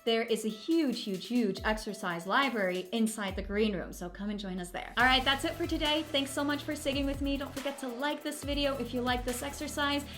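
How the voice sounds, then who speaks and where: A woman's voice: high-pitched, brisk, hardly any pauses, fairly bright tone. A young adult woman teaching a singing lesson, explaining technique in an encouraging way. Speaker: vocal coach. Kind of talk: singing lesson with sung demonstrations. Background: music track.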